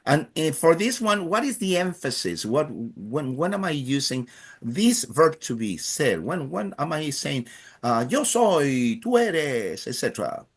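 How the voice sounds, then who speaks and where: Slow, lively-pitched male teacher. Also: slightly rough. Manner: slow, patient explaining with many hesitations. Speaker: Spanish teacher. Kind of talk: classroom language lesson.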